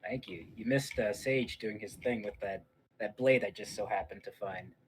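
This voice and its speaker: A man's voice: fairly low pitch, moderate pace, a little hiss or hum, rough recording. A man playing his character in a tabletop game, joking and boasting with the game master. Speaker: player. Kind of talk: in-character tabletop role-play.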